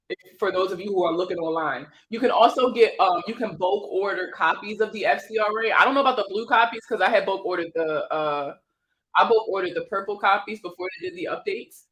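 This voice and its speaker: Host, female, 30s, Maryland accent; bright voice, laughs easily, loose and talkative. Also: mid-range voice, poor audio. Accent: Prince George's County, Maryland. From Maryland, USA. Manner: laughs a lot, chatty and joking. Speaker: host of a credit advice livestream. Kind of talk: casual livestream chat.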